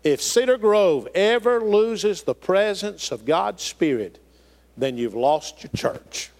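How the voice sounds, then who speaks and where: A middle-aged pastor from the delivers a sermon with a voice that swoops between high and low. His pitch sits somewhat high for a man, and his phrasing is folksy and emphatic. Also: animated, slow, darkish tone. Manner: preaching with rising and falling emphasis, folksy phrasing.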